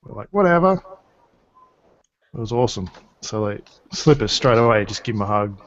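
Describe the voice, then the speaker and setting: A man's voice: fairly low pitch, lively intonation, normal speed. A man chatting casually in an online hangout, laughing often and swearing freely. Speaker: hangout guest. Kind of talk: casual group chat. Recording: dull lo-fi online call audio.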